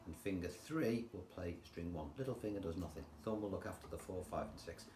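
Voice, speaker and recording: An older man with an English accent, teaching guitar in a chatty, relaxed way and counting rhythms aloud. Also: deep voice, fairly quick. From England. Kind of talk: casual guitar tutorial. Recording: roomy sound with guitar playing.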